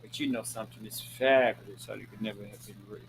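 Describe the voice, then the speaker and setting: A man with a fairly low, vocal-fried voice talks fast through poor audio with a little hiss or hum. Hosting his own show from Maryland, USA, he gives a casual talking-head monologue, sassy and flamboyant, calling viewers honey and girl and swearing freely, all in a preachy, emphatic way that repeats lines for effect.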